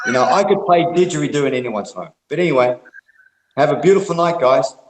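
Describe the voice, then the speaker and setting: Man, easygoing rambler, slightly high voice, swears a lot, echoey room sound. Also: animated, brisk, a little hiss or hum. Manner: rambling, laid-back, heavy swearing, calls people mate and brother. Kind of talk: casual group call chat.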